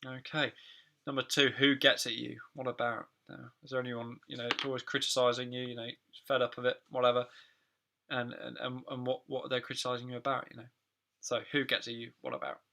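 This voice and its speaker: Male English teacher, casual chatty delivery with lots of asides, bright tone, some vocal fry. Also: medium pitch, brisk. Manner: relaxed and chatty, many fillers and asides. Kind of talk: online English lesson.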